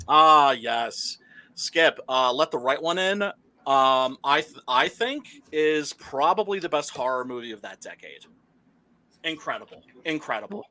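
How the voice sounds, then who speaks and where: A man's voice: mid-range voice, unhurried. A man chatting casually about movies, swearing freely, laughing often and filling his talk with "uh" and "like". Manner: animated, profane, laughing storyteller with many fillers. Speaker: podcast host.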